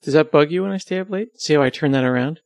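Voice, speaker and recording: Teasing, gravelly-voiced man on a dry mic. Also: a little high, very fast, a little mellow, no echo. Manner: teasing, rambling, self-deprecating. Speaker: podcast host and web developer, as guest. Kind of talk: casual podcast interview.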